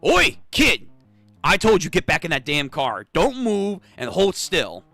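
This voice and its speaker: A man's voice: high-pitched, wildly swooping pitch, measured pace, bright, forceful tone, no echo, soft background music, pitched above the performer's own voice, exaggerated voice. A man putting on a drawling Southern cop. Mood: barking. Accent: Southern US put-on. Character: brash male police officer, pushy and leering.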